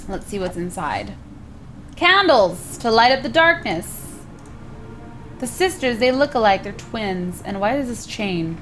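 A woman's voice: medium pitch, very animated, unhurried, fairly bright tone, faint music behind. A woman hosting a gaming video, chatting casually to viewers as she plays and sometimes exclaiming in surprise. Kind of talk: casual let's play commentary.

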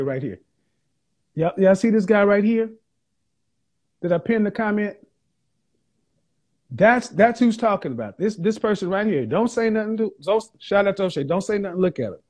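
A man's voice: high-pitched, darkish tone. A man hosting a livestream, reading viewer comments aloud and mocking them with sarcastic, repeated punchlines. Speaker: livestream host.

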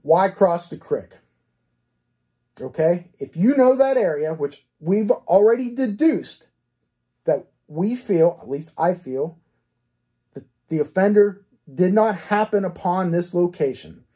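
A man with a husky, mellow, darkish voice, speaking as a cold case detective. He reasons through the case one point at a time. He poses rhetorical questions and answers them, and tags his points with a firm "okay?". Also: high voice, lively intonation, unhurried. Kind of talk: case analysis commentary.

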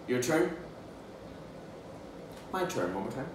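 A man teaching a children's phonics lesson in a playful, animated way. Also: mid-range voice. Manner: playful, animated, slow and drawn out for young learners. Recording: echoey room, mic at a distance, faint background noise.

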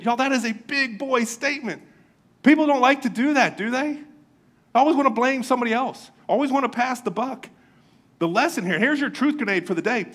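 A man's voice: high voice, moderate pace. A man from Florida preaching a sermon as pastor, telling jokey childhood stories with lots of energy. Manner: animated, joking storyteller. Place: church.

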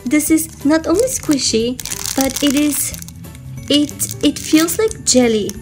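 Woman doing an unboxing vlog, kinda sick and a bit breathless, talks real slow, lots of giggles and "very, very". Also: high-pitched, animated, a little mellow, faint music behind. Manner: giggly, gushing, drawn-out repeated words. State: slightly sick, a little out of breath. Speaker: host.

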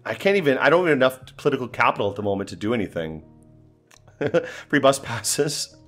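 A man's voice: medium pitch, sing-song, fairly quick, a bit bright, faint music behind. A man giving casual, exasperated gameplay commentary, talking to himself and swearing as things go wrong. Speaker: gaming commentator.

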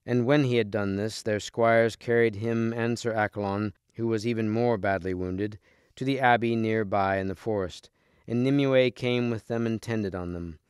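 A man reading a storybook aloud with steady, clear storytelling. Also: lowish voice, moderate pace, dry recording, clean studio sound. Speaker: storybook reader.

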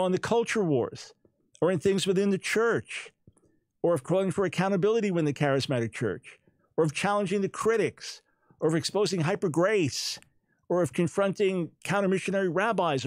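A man's voice: fairly high pitch, darkish tone, no echo. A man hosting a talk show, speaking in an emphatic, incredulous monologue and often repeating words as he makes his points. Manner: speaks with a smile, not taking it personally.

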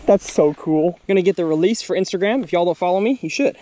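A man, hosting a fishing vlog from a boat outdoors, excitedly exclaiming and talking to the fish as he catches them. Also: high-pitched, a little fast, slight background noise. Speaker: fishing channel host.

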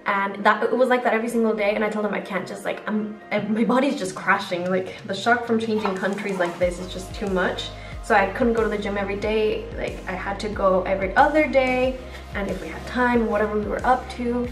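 Doing her makeup on camera, a young adult woman chats away with many fillers in a get-ready-with-me vlog. Her medium-pitched voice stays steady in tone and runs a little fast. Sound is distant and echoey, with faint music behind it.

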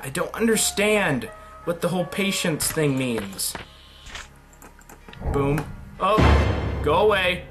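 A man giving excitable let's play commentary on a horror game, yelping and shrieking when startled. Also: fairly high pitch, takes it slowly, long pauses. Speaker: gaming commentator. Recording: game music behind the voice.

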